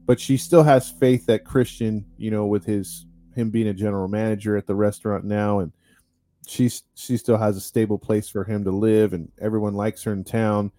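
A man's voice: lowish voice, flat delivery, normal speed, mellow. A man hosting a podcast, telling a story in a rambling, wry way with many fillers. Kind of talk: casual storytelling chat.

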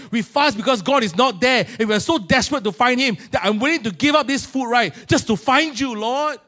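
Animated Singaporean preacher, high voice. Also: male voice. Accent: Singaporean English. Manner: animated storytelling, Singlish particles, lively swings in loudness. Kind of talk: sermon.

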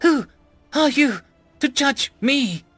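A man playing a vicious killer in an audiobook, his voice pitched far up and dragged out slowly, shrieking and jeering with a warped, strange tone. a nasty, mocking villain. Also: expressive, sharp tone, no room sound, soft background music, exaggerated voice. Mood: enraged. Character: vicious middle-aged male serial strangler.

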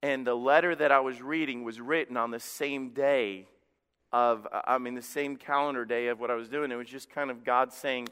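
A middle-aged man, a pastor, preaching a sermon with animated, self-deprecating storytelling. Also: medium pitch, normal speed, clean tone. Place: church hall. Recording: long hall reverb.

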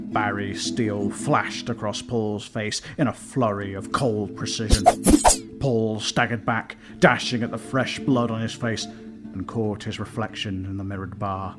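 Low-voiced man narrating deadpan mock epic. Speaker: storyteller. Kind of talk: comic mock-dramatic narration. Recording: music playing behind.

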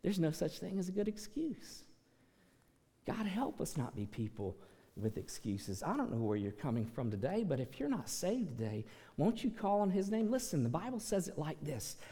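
A middle-aged preacher whose voice sits fairly high and leaps all over the place. He moves between loud, folksy urging and hushed, earnest appeals, restarting and repeating words as he goes. The sanctuary lets each phrase ring out in a long reverb. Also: moderate pace. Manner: preachy, shifts between loud energetic exhortation and soft earnest pleading. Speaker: pastor. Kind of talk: sermon. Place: church sanctuary.

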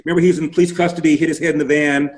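A man's voice: on the high side, flat delivery, racing, poor audio. A man, a guest commentator in a political interview, arguing emphatically and rattling off statistics.

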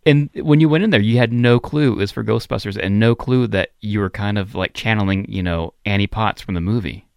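A friendly man with a lowish voice, hosting a relaxed interview and chiming in eagerly. His recording is dry and close, with no room sound. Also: creaky, no room sound. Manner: friendly, eager, quick to agree. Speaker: podcast host. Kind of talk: casual interview chat. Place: small-town home in Montana.

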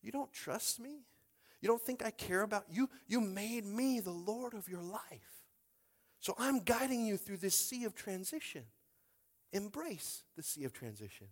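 A male preacher voicing Jesus as a calm, reassuring grown man who gently chides his listeners, in a sermon with hall reverb. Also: high-pitched, measured pace, pitched above the performer's own voice, heavily acted. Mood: gently chiding.

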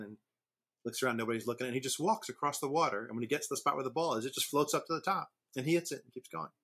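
A man co-hosting a podcast, casually chatting and telling long, rambling jokes. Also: mid-range voice. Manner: relaxed storyteller, drawn-out jokes. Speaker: podcast co-host. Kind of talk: casual chat, joke telling.

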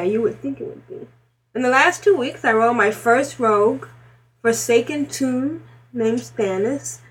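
Giggly woman reading emails, slow. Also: fairly high pitch, breathy edge. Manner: giggly, reads emails aloud with asides. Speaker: podcast co-host reading listener emails. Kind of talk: casual chat.

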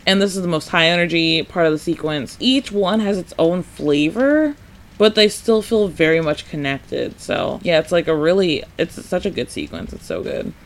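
High-voiced chatty man podcasting. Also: moderate pace. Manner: chatty, says "like" often, laughs a lot; animated, acts out characters' lines. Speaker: podcast host. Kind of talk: casual solo podcast retrospective.

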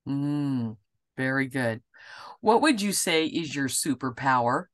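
Woman podcast host, halting and affirming. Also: a bass voice, expressive. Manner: warm affirmations, halting restarts. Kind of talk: interview hosting.

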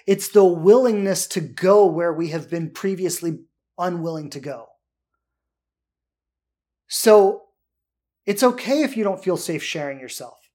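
Earnest high-voiced male relationship coach. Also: unhurried, pauses often, dark tone. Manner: earnest, repeats "right?" often. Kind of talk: answering listener questions.

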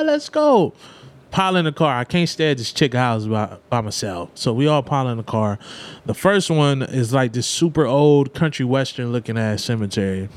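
A man telling a story in casual talk, animated and profane, jumping into high voices for his friends.

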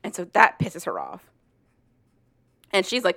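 A woman's voice: on the low side, unhurried, dry recording. Chatty woman laughing through a retelling. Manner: animated, laughs often, full of "like". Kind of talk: casual chat retelling a story.

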